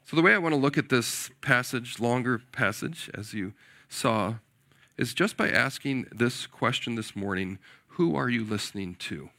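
A man in his forties, a pastor preaching a sermon in an animated way, often putting questions to his listeners. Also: mid-range voice, moderate pace. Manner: animated, asks the audience questions, often says "right?".

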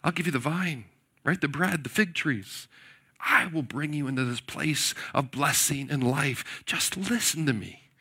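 A man voicing a boastful, menacing male envoy of a conquering king, loudly taunting and coaxing his listeners. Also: fairly high pitch, expressive, a little slow, husky, heavily acted.

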